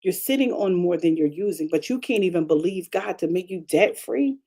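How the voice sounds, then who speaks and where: A woman pastor preaching a conversational broadcast sermon, chatty and animated, repeating phrases and calling out to her congregation. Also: lowish voice, a little fast, husky. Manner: chatty, repetitive, calls out to the congregation; animated preaching with frequent restarts.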